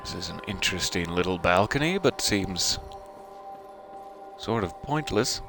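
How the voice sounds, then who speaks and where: A man's voice: deep voice, expressive, a little slow, gravelly, music in the background. A man streaming a video game live, commenting in a playful, mock-formal joking way.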